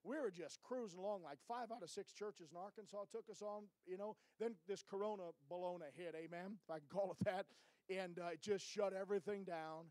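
Man, middle-aged, missionary, folksy church report, high voice, dry sound. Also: brisk, darkish tone, no room sound, rough recording. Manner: folksy, keeps tagging lines with "amen?".

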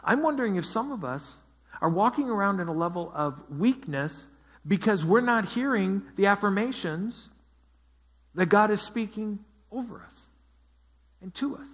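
A man's voice: sits high, lively intonation, moderate pace, fairly bright tone. A man teaching a Bible study as pastor, asking his group questions and repeating their answers. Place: church.

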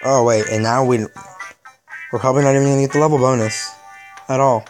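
A man's voice: medium pitch, steady tone, fast, faint music behind. A young man giving casual, exasperated gameplay commentary, with sarcastic asides as he plays. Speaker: gaming video host.

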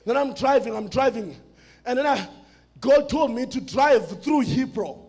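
A man from South Africa with a South African accent preaching a sermon, with rhythmic, half-sung, shouted phrases. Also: extremely high pitch, expressive, unhurried, husky.

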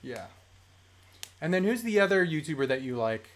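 A live-stream host talking casually about toy collecting at a home desk mic, chatty, mildly profane and quick to laugh. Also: medium pitch, big pitch swings. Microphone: desk microphone.

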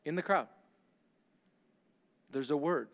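A male pastor preaching a sermon, swinging between loud declarations and hushed, slow lines. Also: on the high side, long reverb tail.

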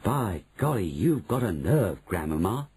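A man's voice: deep voice, very animated, unhurried, a little mellow, husky, pitched below the performer's own voice, exaggerated voice. A man doing an eager boy-mouse. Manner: eager, breathless questions. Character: young boy turned mouse, eager and excitable. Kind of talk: audiobook reading.

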